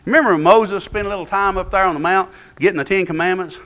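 A pastor preaches in church, swinging between hushed lows and ringing, emphatic phrases. His voice sits high for a man, with a bright, cutting edge. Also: fast. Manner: emphatic, rising and falling preaching cadence. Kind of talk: sermon.

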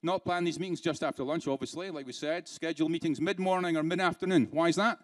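A man's voice: on the high side, fairly even intonation, fast talker, no echo. A man with a British accent giving a live keynote at a conference, talking conversationally with rhetorical questions and dry sarcasm. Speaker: keynote speaker. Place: conference room.

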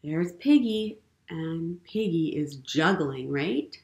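A woman leading a storytime for young children as a librarian, gentle and encouraging, often asking the kids questions. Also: sits low, animated, slow. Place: public library program room. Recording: roomy room echo.

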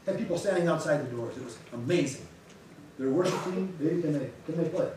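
Pastor, male, animated storyteller; distant mic, big room echo, faint hiss. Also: a little high, a little fast. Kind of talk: church announcements before a sermon. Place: church sanctuary. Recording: echoey sanctuary, distant mic.

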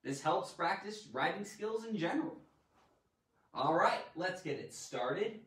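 A man hosting a live online grammar lesson in a playful, animated way, tossing in silly sound effects. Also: sits high, measured pace. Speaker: grammar teacher and show host. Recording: roomy echo, mic at a distance.

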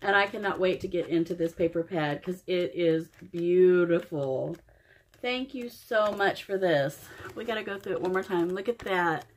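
A middle-aged crafting vlogger from Oklahoma, USA, gushes over craft supplies in a happy mail unboxing vlog, exclaiming often. Her voice is lowish and her pace normal, with a little hiss or hum in the recording.

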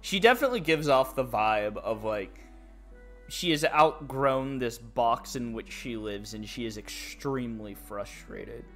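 A man's voice: medium pitch, lively intonation, a little slow, fairly bright tone, soft background music. Playful man streaming a game. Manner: playful, chatty. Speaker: let's play streamer. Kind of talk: casual gameplay commentary.

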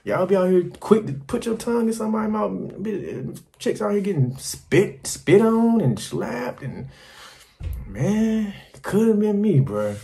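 Higher-voiced man telling crude stories. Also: measured pace, creaky. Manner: animated, crude and rambling, slipping into quoted voices. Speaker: travel vlogger. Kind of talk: casual storytelling to camera.

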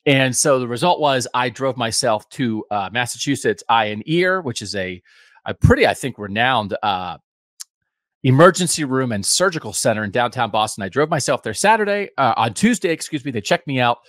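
An American man in his fifties, a podcast host, gives a casual, rambling, self-deprecating update from home. His mid-range voice is animated, with a fairly bright tone and a moderate pace. The recording is dry and studio quality.

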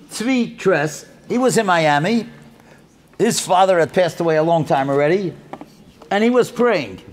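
An older man tells stories at a religious event, acting out each person's lines. His voice sits high for a man and jumps all over the place, rising and dropping with every character he plays. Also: slight background noise. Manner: animated storyteller who acts out dialogue. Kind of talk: storytelling talk.

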